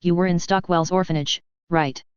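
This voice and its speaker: A woman's voice: fairly low pitch, steady tone, moderate pace, clear, resonant tone, dry recording, close to an everyday voice. A woman reading the part of a mild, matter-of-fact British male prisoner. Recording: dry, slightly dull home recording.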